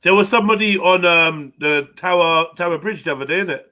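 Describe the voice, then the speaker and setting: A man hosting a livestream, talking in animated, slang-heavy banter with friends. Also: high-pitched, a little fast, no room sound. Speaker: livestream host. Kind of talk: casual group chat.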